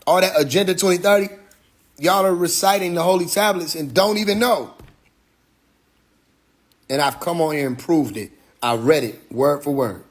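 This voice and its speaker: Pitched on the high side, this male livestream host sounds expressive, talking at normal speed and pausing often. It's an Instagram Live monologue full of preaching, rhetorical questions, and profanity.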